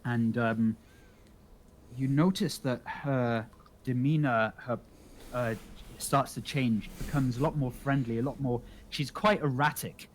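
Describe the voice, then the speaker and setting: A man's voice: mid-range voice, fairly even intonation, unhurried, a little hiss or hum. A man narrating as dungeon master for a tabletop game, describing the scene with a laugh in his voice.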